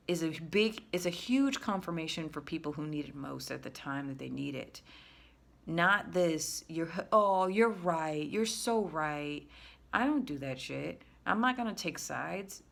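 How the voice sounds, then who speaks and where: A woman giving a frank, rambling self-help monologue, often restarting her sentences and jumping up in pitch when she makes a point. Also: gravelly, fairly bright tone. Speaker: spiritual self-help creator. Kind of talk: casual spoken monologue.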